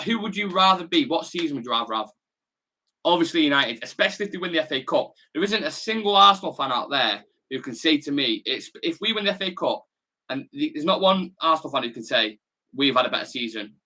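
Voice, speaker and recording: A man's voice: a little high, pushed and bright. A young man with a Salford accent, hosting a football watch-along and chatting bluntly with slang as he reads viewer comments. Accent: Salford, Manchester. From Salford, England. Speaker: football fan channel host.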